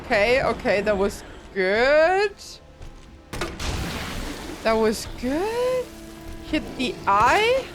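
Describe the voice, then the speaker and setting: A woman's voice: high voice, big pitch swings, drawn-out words, long pauses, music in the background. A woman streaming a horror game live, talking to chat and often panicking with shrieks and laughter. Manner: panicky, frequent screams and laughter.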